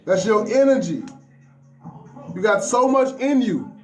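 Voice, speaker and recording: A man's voice: high-pitched, expressive, measured pace, faint music behind, low-quality recording. A man giving a preachy, profane spiritual rant to the listener, repeating words and restarting his sentences.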